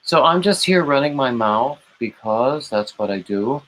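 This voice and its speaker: Slow-talking man chatting on a late-night livestream. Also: medium pitch, animated, slight background noise, poor audio. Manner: rambling, warm greetings to chat viewers by name; gushing, emotional asides. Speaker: livestream host.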